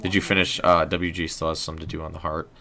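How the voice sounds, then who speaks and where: A young man hosting a casual game livestream, rambling in a relaxed way with lots of "um" and "like". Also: very deep voice, quick pace. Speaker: livestream host.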